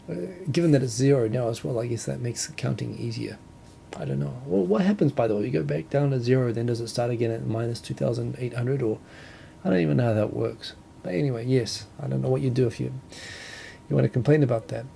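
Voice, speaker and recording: A man's voice: medium pitch, fairly quick, vocal fry, dark tone, slight background noise. A man from New Zealand with a New Zealand accent, hosting a casual solo talk show and rambling with self-corrections and chuckles. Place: home, Tokyo.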